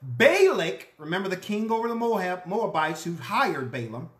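A pastor preaching a sermon, telling a story in an animated way and acting out the characters' lines. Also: mid-range voice, normal speed, reverberant. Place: church.

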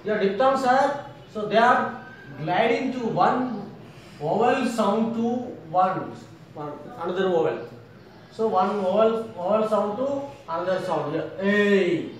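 A man teaches pronunciation in a classroom phonetics lesson, drilling each word many times and correcting mistakes. His voice is high-pitched and expressive, at a measured pace. He's recorded from far off in an echoey room with faint noise.

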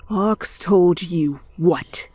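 A woman's voice: mid-range voice, slow pace, dark tone, husky, soft background music, heavily acted. A woman voicing a possessive, menacing young man in a whispered role-play, her delivery seething and biting.

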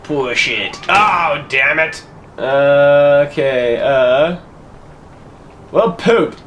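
A man's voice: on the high side, lively intonation, very slow, a bit bright, a little hiss or hum. A young man giving casual let's-play commentary, muttering to himself and swearing often in frustration. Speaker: gaming commentator.

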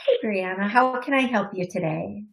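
A woman's voice: medium pitch, moderate pace, creaky, echoey room. A woman psychic medium hosting a call-in radio show, chatty and reassuring, with giggly asides.

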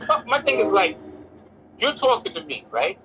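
A man, co-hosting a casual talk show, animated and speaking in quick bursts. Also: high voice, heavy background noise. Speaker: podcast co-host. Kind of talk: casual chat.

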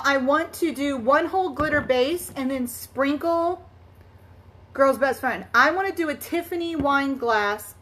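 A woman's voice: high voice, a bit bright. A woman hosting a casual live stream while she crafts. She chats in a bubbly way, greets viewers by name and laughs often.

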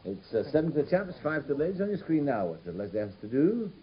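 A man hosting a studio charades game show, briskly calling contestants up and announcing scores. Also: fairly high pitch, big pitch swings, very noisy. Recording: dull old television studio sound with audience.

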